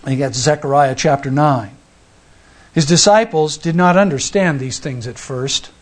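A man with a notably high voice preaching a sermon. He tells the story in a relaxed, conversational way, stumbling over and restarting his sentences as he goes. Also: normal speed. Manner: conversational, acts out the people in the story; frequent restarts and fillers. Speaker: pastor.

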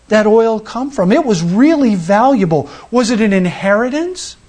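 A man's voice: high-pitched, animated, moderate pace, few pauses, a little mellow. A man preaching a sermon in a conversational, storytelling way, often restarting his sentences. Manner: conversational, acts out the people in the story; frequent restarts and fillers. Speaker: pastor.

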